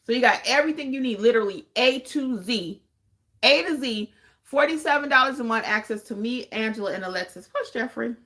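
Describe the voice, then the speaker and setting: A woman's voice: a little high, expressive, fairly quick, a bit bright. A woman hosting a livestream, chatting with viewers and driving points home by repeating them. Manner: emphatic, repeats points for effect. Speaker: podcast host and notary trainer. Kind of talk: livestream chat answering viewer questions.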